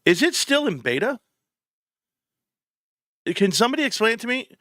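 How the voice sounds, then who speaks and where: A man hosting a casual stock-market livestream, chatty and mocking, his voice jumping high when he gets worked up. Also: moderate pace, no room sound, studio quality. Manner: excitable, mocking, voice jumps high when riled. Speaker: livestream host.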